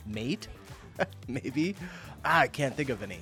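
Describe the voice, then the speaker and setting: Chatty man from Tennessee, reaction-video host, excitable and quick to laugh. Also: medium pitch, faint music behind. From Tennessee, USA. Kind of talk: casual reaction commentary.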